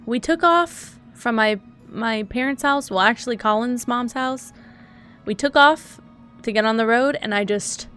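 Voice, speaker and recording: A woman's voice: a little high, fairly bright tone. A young woman streaming live and chatting casually, teary and sniffly from crying, rambling and flustered as she laughs at herself. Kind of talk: casual live-stream chat while gaming. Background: faint background music.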